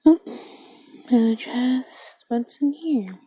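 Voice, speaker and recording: A young woman from Minnesota commenting on her gameplay in a soft-spoken manner, often dropping to a whisper and reading game text aloud. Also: on the high side, expressive, slow pace, breathy edge, no room sound. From Minnesota, USA. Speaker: gamer.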